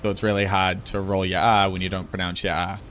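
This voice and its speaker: Low-pitched and brisk, with little pitch movement and a fairly bright tone, a game streamer from Boston chats with his livestream audience over faint background music. He has a Boston accent and answers viewers' messages in a casual, playful way.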